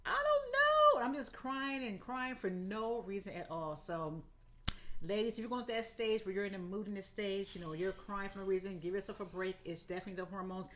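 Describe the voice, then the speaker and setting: A woman in her fifties co-hosting a podcast, chatting candidly and encouragingly, laughing often and jumping high in pitch for quoted asides. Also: a little fast, a little hiss or hum. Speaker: podcast co-host. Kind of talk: casual health chat.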